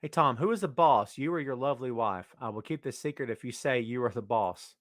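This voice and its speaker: A man hosting a casual live wrestling podcast, reading the chat and teasing viewers by name in an animated way. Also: medium pitch, fairly quick, few pauses, no room sound, clean studio sound.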